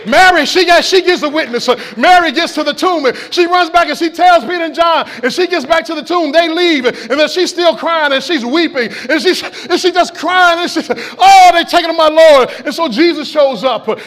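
A man preaching an impassioned Easter-style sermon in a church, calling out to the congregation. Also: extremely high pitch. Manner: impassioned, shouting call-and-response preaching. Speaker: pastor. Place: church sanctuary.

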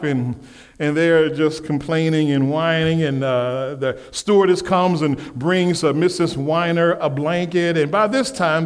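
High-voiced preacher working the congregation. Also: male voice. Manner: call-and-response questions to the congregation, acts out whiny voices. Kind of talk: sermon with storytelling.

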